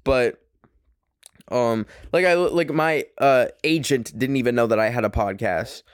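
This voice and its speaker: A man's voice: mid-range voice, unhurried, clean tone, no room sound, clean studio sound. A young man from Canada hosting his own podcast, talking in a loose, rambling monologue full of fillers and swearing, recorded in his small apartment bedroom. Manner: rambling, profane, heavy on fillers. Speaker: podcast host. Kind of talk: casual monologue.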